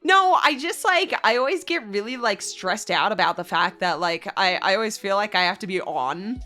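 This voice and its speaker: A woman's voice: medium pitch, expressive, moderate pace, pushed and bright, soft background music. A young Australian woman streaming, chatting casually and giggly with her viewers. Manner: bubbly, giggly, chats with viewers. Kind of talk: casual livestream chat.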